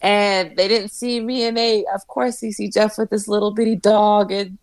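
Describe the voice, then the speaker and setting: A woman's voice: medium pitch, moderate pace, no room sound. Chatty woman telling stories, dry sound. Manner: animated storyteller, swears freely, laughs often. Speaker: podcast guest. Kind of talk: casual chat.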